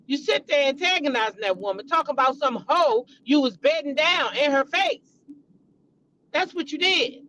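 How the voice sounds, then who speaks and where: High-voiced female commentary host, blunt, profane, heated; AAVE speech. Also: animated, normal speed, sharp tone, muffled recording. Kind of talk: casual commentary vlog.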